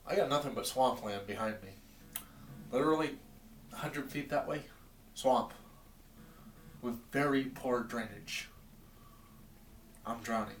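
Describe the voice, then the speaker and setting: A man's voice: mid-range voice, measured pace, pauses often, reverberant, recorded from a distance, a little hiss or hum. A man from Maine rambling in a wry, exasperated rant to his camera from his basement. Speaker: vlogger. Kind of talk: comedic rant vlog. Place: home basement.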